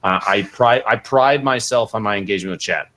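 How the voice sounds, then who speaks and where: Lively low-voiced man telling a story. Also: a little fast. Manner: animated, acts out quotes with jumps in pitch. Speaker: podcast guest, streamer. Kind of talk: casual storytelling.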